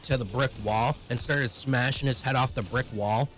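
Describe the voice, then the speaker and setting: A young man telling a personal story in blunt, profane, rapid-fire language. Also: mid-range voice, a bit bright, slight background noise. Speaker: vlogger.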